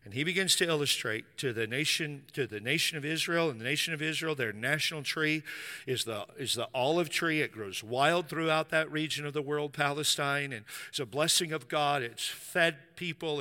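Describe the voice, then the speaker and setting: A man preaching a sermon in a church, telling a story with lively acted-out quotes. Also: fairly high pitch, long reverb tail. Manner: animated storytelling, acting out quoted voices. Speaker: pastor.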